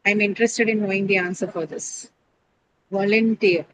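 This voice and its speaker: A woman's voice: medium pitch, fairly even intonation, moderate pace, a little hiss or hum, rough recording. A woman teaching an English class, explaining word stress step by step, spelling out letters and asking her students questions.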